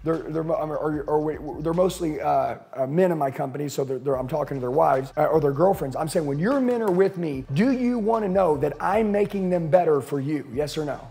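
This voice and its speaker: A man's voice: a little high, a little fast, creaky, few pauses, mellow. A man giving a profane, intense motivational talk as a sales coach to an audience.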